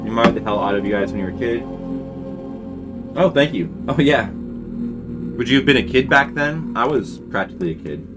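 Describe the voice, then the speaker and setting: Faint music plays as a forties-aged webcomic artist draws on stream and talks casually with viewers. At a normal speed and with long pauses, his lowish voice meanders through memories and chat replies, restarting often.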